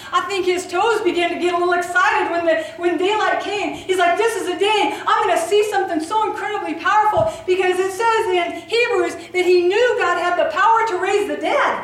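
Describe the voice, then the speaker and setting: High-voiced woman preaching in an echoey hall. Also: normal speed, hardly any pauses, a little hiss or hum. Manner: animated, acts out voices in her retelling. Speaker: preacher at women's gathering. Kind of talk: sermon. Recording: echoey hall recorded from far off.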